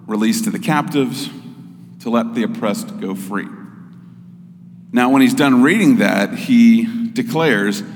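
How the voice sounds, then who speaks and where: A man giving a sermon as pastor, in a measured, explanatory way. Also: mid-range voice, long reverb tail.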